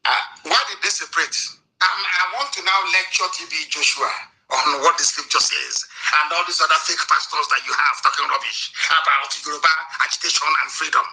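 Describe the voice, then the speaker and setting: A man preaching with an intense, pressing tone. He scolds his listeners and hammers points by repeating them. His pitch sits a little above the usual for a man. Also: a little fast, pushed and bright, low-quality recording. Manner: emphatic, scolding, repeats himself for stress. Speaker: preacher and political commentator. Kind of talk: preaching political address.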